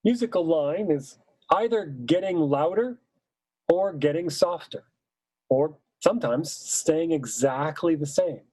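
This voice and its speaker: Explaining to choirs how a musical line should be shaped, this choral music teacher talks slowly in a measured, emphatic way, leaning warmly and mellowly on important words and singing brief hymn phrases as examples. His voice is a touch high for a man, and the rough, dry recording sounds close to the mic.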